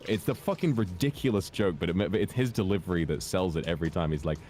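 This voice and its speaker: A young man chatting casually as a guest streamer, an animated storyteller who keeps jumping into high put-on voices to quote people. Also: quick pace, slight background noise.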